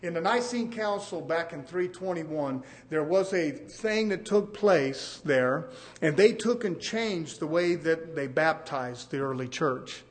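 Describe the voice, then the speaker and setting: A man preaching a sermon, swinging from loud to hushed. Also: on the high side, takes it slowly.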